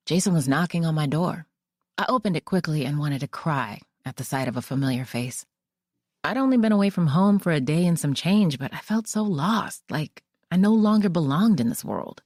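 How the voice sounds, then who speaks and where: A woman narrating a mystery audiobook in the first person, with measured storytelling. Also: lowish voice, darkish tone, no room sound, studio quality.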